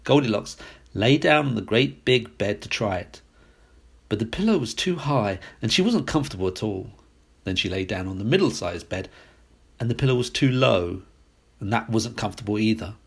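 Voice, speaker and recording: A man reading a classic fairy tale aloud as a storyteller, expressive and sing-song. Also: lowish voice, moderate pace, vocal fry, husky.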